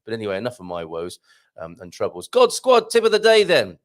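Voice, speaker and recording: Chatty, jokey man with a lively pitch. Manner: chatty and jokey, with self-deprecating asides and quick laughs. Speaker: host of a live show. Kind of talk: casual live-stream chat reading viewer comments.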